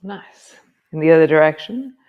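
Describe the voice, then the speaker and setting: A woman teaching a yoga class, giving calm, slow movement cues with soft trailing words. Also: low-pitched, smooth, narrow, tinny audio. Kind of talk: guided yoga class instruction.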